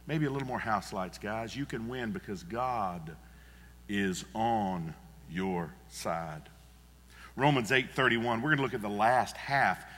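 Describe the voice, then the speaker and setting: A man's voice: lowish voice, fairly bright tone, in a large hall. A male pastor preaching a sermon in a church, earnest and emphatic, repeating his key phrases. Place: church sanctuary.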